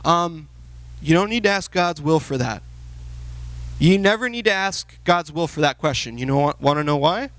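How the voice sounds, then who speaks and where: Casting: man in his thirties, youth pastor, lively conversational sermon, a little high-voiced. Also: moderate pace. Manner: conversational, animated, acts out quotes.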